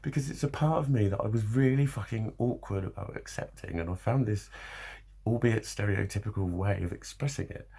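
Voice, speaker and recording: A man's voice: on the low side, a little fast, gravelly, mellow, breathy edge. A man vlogging in a loose, rambling monologue, swearing a lot and laughing often.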